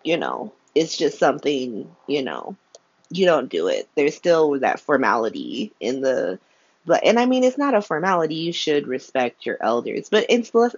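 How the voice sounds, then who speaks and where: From a room by a window at home, a woman with a lowish voice casually recaps a soap opera episode. She's candid and exasperated, swears, and says "like" constantly. The audio sounds dull.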